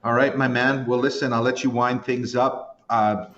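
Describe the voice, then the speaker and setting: Heard with the high frequencies cut off, a mid-range male voice moves at normal speed. He's a Canadian in his fifties appearing as a podcast guest, rambling through casual chat, animated and quick to make jokes at his own expense.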